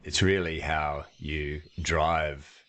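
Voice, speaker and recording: A man, co-hosting a podcast and telling workplace anecdotes in a casual, animated way, acting out quotes as he goes. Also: rumbling low, extremely slow. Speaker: podcast co-host, leadership trainer. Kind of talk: casual storytelling chat.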